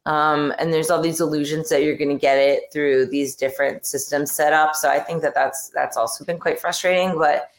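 A woman's voice: deep voice, steady tone, moderate pace, few pauses, echoey room. A woman guest on a podcast talking frankly and irritably in casual conversation, trailing off with fillers. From New York and New Jersey area.

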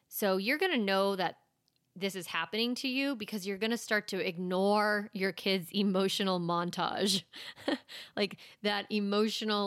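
A woman's voice: mid-range voice, a bit bright, no echo, clean studio sound. Chatty woman coaching parents. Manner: chatty, reassuring, lots of "like" and "you know". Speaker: parenting coach and podcast host. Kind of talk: casual advice talk.

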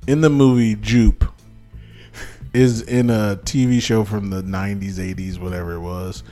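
A man casually chatting about a movie as a podcast co-host, playful and quick to laugh while he retells scenes. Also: fairly low pitch, little pitch movement, warm tone, faint music behind. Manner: laughs often, playful storytelling. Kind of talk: casual movie review chat.

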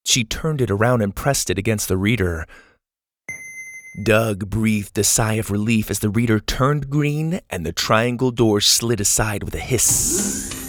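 A man narrating a children's science fiction storybook in a gentle, expressive way. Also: fairly low pitch, unhurried, a little hiss or hum.

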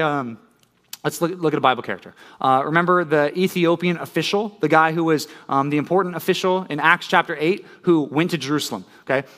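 A middle-aged man preaching a sermon, walking listeners through a Bible passage. His voice sits a little higher than most men's. He explains in a casual, conversational way and keeps checking in with "okay?". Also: fairly bright tone. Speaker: pastor. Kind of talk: sermon teaching on scripture.

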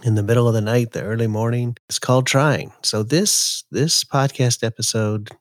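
In clean studio sound with no echo, a man of medium pitch hosts a podcast mixing easygoing conversation with a reading of a poem he wrote. He speaks slowly, in a relaxed, folksy manner.

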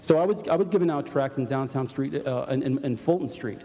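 With a New York accent, an older man shares an earnest testimony before the congregation, his story broken by frequent restarts. The mid-range voice is brisk and mellow, wrapped in long church-hall reverb.

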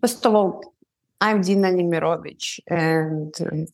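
A middle-aged Ukrainian woman speaks as an interview guest, in a voice pitched a little low. Her answers come haltingly, broken by pauses while she hunts for the right English words. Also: darkish tone.

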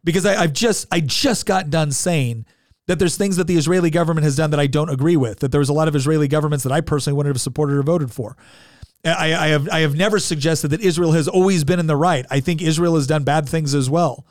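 A man's voice: on the high side, fast, no echo, clean studio sound. A man co-hosting a political commentary show, talking emphatically and restarting his sentences often. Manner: emphatic, exasperated, with frequent restarts. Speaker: co-host.

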